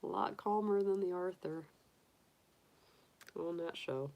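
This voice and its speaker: A woman's voice: fairly low pitch, slow, creaky, darkish tone. A woman hosting a casual livestream, cooing in baby talk to her pet rabbit and chatting with viewers. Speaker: tarot reader livestream host.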